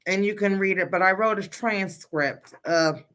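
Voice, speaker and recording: A woman's voice: mid-range voice, unhurried, a bit bright. A middle-aged woman, a grieving mother, talking casually on a livestream and insistently reading out a list of questions. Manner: blunt and insistent, pressing question after question.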